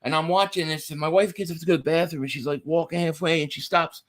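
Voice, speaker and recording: Talking fast in a fairly high voice, this sports-podcast co-host keeps things casual, animatedly spinning stories and reading out messages from the viewer chat.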